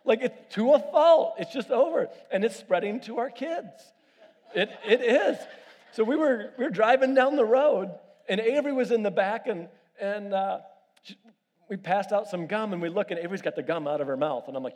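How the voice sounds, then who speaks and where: A man preaching a sermon, telling family stories with lively animation and asking the congregation to raise their hands. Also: high voice, normal speed. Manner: animated storytelling with audience questions. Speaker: pastor. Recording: long reverb of a large hall.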